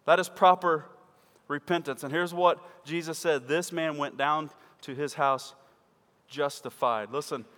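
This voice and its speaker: A man preaching a sermon to his church, swinging from loud emphatic peaks to quiet low asides. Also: steady tone, a little slow. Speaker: pastor. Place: church sanctuary. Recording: church hall with long reverb.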